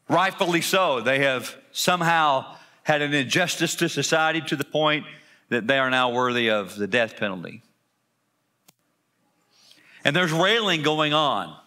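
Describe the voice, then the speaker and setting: A man's voice: mid-range voice, pushed and bright. A man preaching an Easter sermon in a church service, emphatic, with rhetorical questions and repeated phrases. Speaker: pastor.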